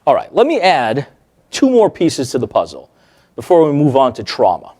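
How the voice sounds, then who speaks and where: A male therapist teaching a workshop, telling client stories in a lively way and checking in with the audience. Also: mid-range voice, moderate pace. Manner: animated, acts out quoted remarks, checks in with the audience.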